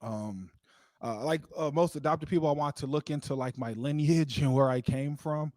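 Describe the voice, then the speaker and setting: Brief: man, stand-up comic on a stage mic, loose rambling delivery, slightly high voice, dry sound. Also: normal speed, darkish tone, no echo. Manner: loose and rambling, lots of "like", laughs at his own jokes. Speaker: stand-up comedian. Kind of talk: stand-up comedy set. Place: live comedy show venue.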